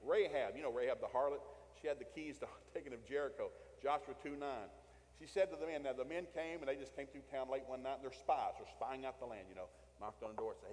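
A man's voice: mid-range voice, quick pace, a little mellow. A man preaching a sermon, telling Bible stories in a folksy way and acting out the quotes. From Tennessee, USA. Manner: folksy storytelling with acted quotes. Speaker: pastor. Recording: long hall reverb.

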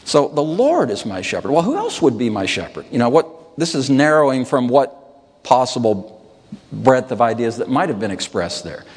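A man delivers a musing, personal sermon with a mid-range voice. He slows down to savor scripture and lifts his pitch on the words he stresses. The sound rings with a long hall reverb. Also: animated, darkish tone, slightly rough. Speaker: preacher. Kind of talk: reflective sermon.

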